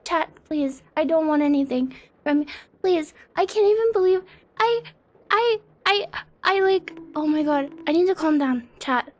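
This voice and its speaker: A woman's voice: high voice, animated, a little slow. A young woman live-streaming in casual chat, nervous, giggly and apologetic, shaky and near tears. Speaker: livestreamer.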